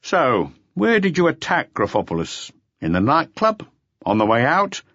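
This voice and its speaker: A man's voice: medium pitch, huge pitch swings, moderate pace, a bit bright, dry recording, pitched above the performer's own voice, full character voice. A man voicing an impatient middle-aged police chief inspector, interrogating bluntly and at times coaxing like a father. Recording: slightly dull lo-fi audiobook recording.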